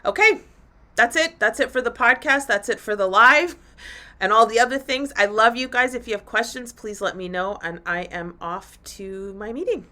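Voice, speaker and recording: A woman's voice: a little high, moderate pace, pushed and bright. A middle-aged woman coach hosting her own podcast, talking bluntly and candidly with plenty of swearing in a motivational solo talk.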